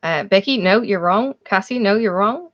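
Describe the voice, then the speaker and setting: A woman's voice: medium pitch, lively intonation, moderate pace. Chatty Irish woman hosting a livestream. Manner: chatty, laughs often, reads out viewers' names. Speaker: livestream host. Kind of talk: casual live chat with viewers. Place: home, in Australia. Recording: dull lo-fi stream audio.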